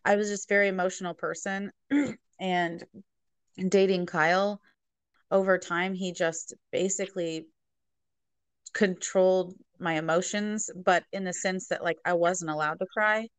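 A woman's voice: lowish voice, fairly even intonation, unhurried, smooth, no echo. Young woman, reflective and matter-of-fact. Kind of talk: candid personal conversation.

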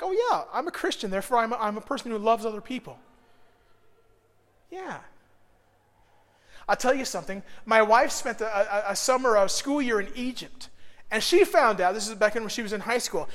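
A middle-aged man preaching a sermon, telling stories with animated swings between soft and loud delivery. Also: extremely high pitch, in a large hall. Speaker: pastor.

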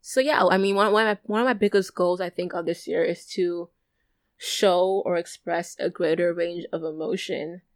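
A woman's voice: on the low side, fairly even intonation, moderate pace, no room sound. Earnest young woman podcaster, dry sound. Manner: candid and earnest, often repeating and restarting phrases. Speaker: podcast host. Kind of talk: solo reflective podcast monologue.

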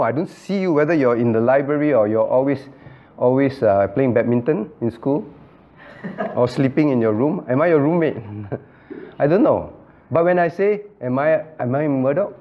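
A man's voice: medium pitch, lo-fi sound. A man, a pastor, leading an interactive Bible study, calling on listeners by name, repeating phrases and acting out quoted dialogue.

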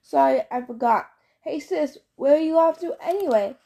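A woman's voice: high voice, lively intonation, normal speed, mellow, pitched above the performer's own voice. Woman reading as a cocky young sun god. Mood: cocky, playful. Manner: boastful, cheerful, showy.

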